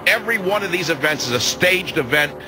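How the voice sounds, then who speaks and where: A man's voice: a little high, expressive, fairly quick, background noise. A combative talk radio host, a man in his sixties, delivering an emphatic, hectoring monologue on a studio microphone.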